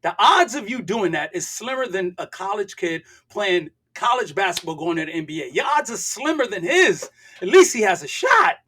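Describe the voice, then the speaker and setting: A man's voice: high voice, big pitch swings, normal speed, pushed and bright, husky. An older man from the United States, a guest on an interview show, talking emphatically and preaching with rhetorical questions. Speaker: guest, real estate investor. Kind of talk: casual interview talk.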